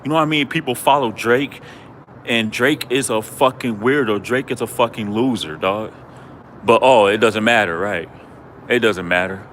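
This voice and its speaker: A man's voice: on the low side, normal speed, a bit bright, slight background noise. A man hosting a livestream, ranting in a taunting, repetitive, mocking way. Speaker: livestream host.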